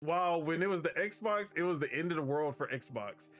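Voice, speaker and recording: A man's voice: on the high side, animated, moderate pace, fairly bright tone, faint music behind. A young man co-hosting a gaming podcast, talking in rambling, slangy casual chat. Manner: rambling, slangy, restarts sentences. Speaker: podcast co-host.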